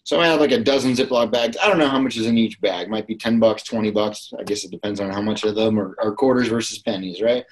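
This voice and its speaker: A man's voice: on the low side, fast, hardly any pauses, low-quality recording. A man in casual podcast chat, telling stories in a blunt, profane way. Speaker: guest.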